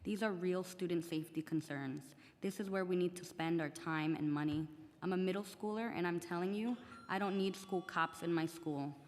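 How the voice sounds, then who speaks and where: A student, a teenage girl whose first language is not English, reads her prepared testimony earnestly at a public hearing. Her voice is on the low side and her speed normal, with the large council chamber lending a long reverb.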